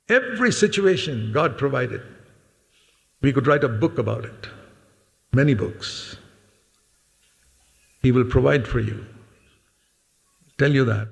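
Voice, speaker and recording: A man's voice: mid-range voice, expressive, a little slow, creaky, pauses often. An older man preaching a sermon in a church hall. He speaks earnestly and emphatically, repeats key words, and sometimes speaks directly to the children in the congregation. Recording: long hall reverb.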